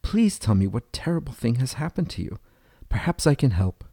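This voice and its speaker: A man voicing a wise young shepherd boy who speaks in a gentle, tender manner. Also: mid-range voice, very animated, normal speed, husky, no echo, clean studio sound.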